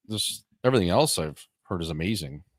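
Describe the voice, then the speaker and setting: A young man with a deep voice co-hosts a podcast, chatting casually in an animated, brisk way. He rambles, cracks jokes, swears, and uses plenty of fillers.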